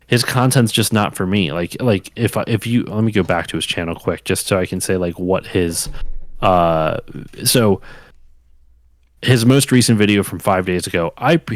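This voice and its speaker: With no room sound at all, this man's lowish voice carries a loose podcast conversation. As host, he meanders, often restarting sentences and leaning on fillers.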